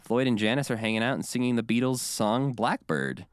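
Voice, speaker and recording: A man co-hosting a podcast in casual chat, animated and often acting out quotes. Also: mid-range voice, fairly quick, smooth, no room sound, studio quality. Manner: animated, quotes others in bursts. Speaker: podcast co-host.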